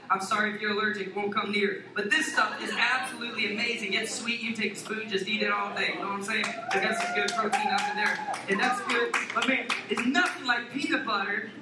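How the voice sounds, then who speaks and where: Playful high-voiced preacher in an echoey hall. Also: male voice, background noise. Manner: playful, joking and animated. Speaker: pastor. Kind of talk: sermon. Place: church sanctuary. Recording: echoey church hall from far off with congregation. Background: congregation.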